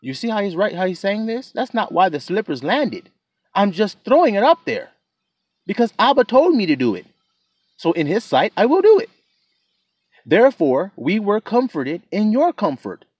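A man preaching a sermon, reading scripture and unpacking it line by line, his high voice leaping up and down as he builds to shouted peaks. The sound is close and dry, with no room around it. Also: sing-song, normal speed, breathy edge, dry recording, highs cut off. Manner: emphatic, rising to shouts, calls and responses to himself.

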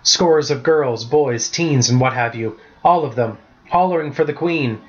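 A man's voice: medium pitch, a little slow, muffled recording, lightly acted. A man voicing a frantic sword-swinging girl. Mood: urgent. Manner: urgent, gritty.

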